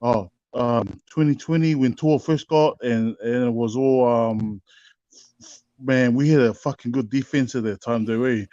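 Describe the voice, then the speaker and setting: A man from New Zealand with a New Zealand accent, calling into a casual chat and talking in a relaxed, hesitant way. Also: medium pitch, a little slow, no room sound, dull audio. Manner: laid-back, hesitant with fillers. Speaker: caller.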